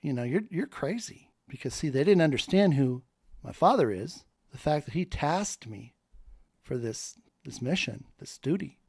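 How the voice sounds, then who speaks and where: A man's voice: a little high, lively intonation, normal speed, darkish tone, breathy edge, dry recording, studio quality. A man in a fervent, preacher-like monologue that rambles from point to point. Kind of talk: spoken monologue.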